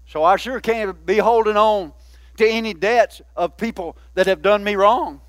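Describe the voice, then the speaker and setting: A man's voice: high voice, moderate pace, no room sound. A man, a pastor, preaching a sermon in a folksy, conversational way with many asides to the church.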